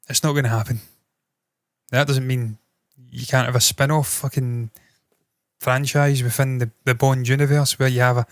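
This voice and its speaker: A man's voice: mid-range voice, no room sound. A man hosting entertainment news, giving blunt, opinionated commentary with frequent swearing.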